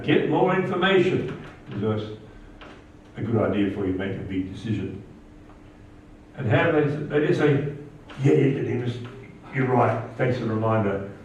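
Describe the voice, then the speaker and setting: A man preaching a sermon, getting animated and rising in pitch when he quotes scripture. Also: slight background noise. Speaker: pastor. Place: church. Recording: echoey church hall, distant mic, dull sound.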